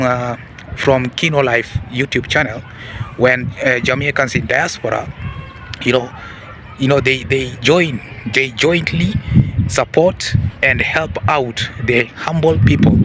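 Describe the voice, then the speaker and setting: A man hosting a casual commentary talk, repeating himself and often calling out "ladies and gentlemen" with questioning hmms and huhs. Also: mid-range voice, a little slow, background noise. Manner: repetitive, addresses audience as ladies and gentlemen; peppers talk with hmm and huh. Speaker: commentary channel host.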